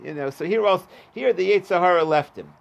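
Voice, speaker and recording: Speaking quickly in a high, animated, creaky voice, this man leads a daf yomi Talmud class. He reads out the Aramaic and renders it into English casually, as if chatting.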